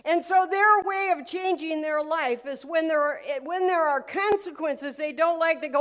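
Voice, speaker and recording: A woman pastor giving a live sermon, telling stories with humor and acting out prayers loudly. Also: extremely high pitch, normal speed, hardly any pauses.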